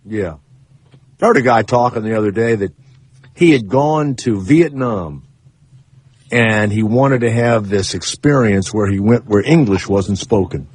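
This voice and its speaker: Husky and a little slow, a male radio host takes calls and spins comic stories with a rambling, sarcastic edge, often leaping upward for emphasis. It's recorded in a studio on a studio microphone, with no echo.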